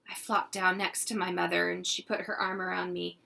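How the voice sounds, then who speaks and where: A woman teacher reading a children's chapter book aloud in gentle, unhurried storytelling. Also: on the low side, little pitch movement, vocal fry, slight background noise.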